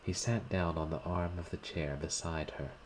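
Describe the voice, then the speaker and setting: A man reading a short story aloud in a measured, deliberate narrating style. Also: sits low, fairly even intonation, a little hiss or hum, low-quality recording.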